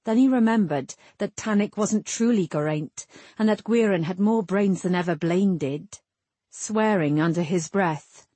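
Woman narrator, audiobook, husky tone, dry close read. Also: mid-range voice, a little mellow, no echo.

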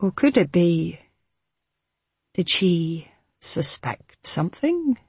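An audiobook narrator reading a novel in a measured, even manner. The voice has a husky edge and is recorded dry and close, with no room sound. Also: medium pitch, dry recording. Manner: measured, even storytelling delivery.

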